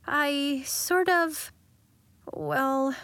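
A woman reading aloud puts on a young schoolgirl who sounds glum and reluctant. She mumbles, her voice lifted a little above the narrator's own and unhurried. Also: high voice, lively intonation, a bit bright, no echo, pitched above the performer's own voice. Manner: mumbling, downcast.

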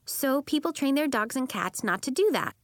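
A woman puts on a young shapeshifting girl for a storybook reading, high-pitched and bouncing with expression. She sounds bright, eager and insistent, and the recording is close and dry. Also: sing-song, normal speed, no echo. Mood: earnest. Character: eager young girl who shifts into animals.

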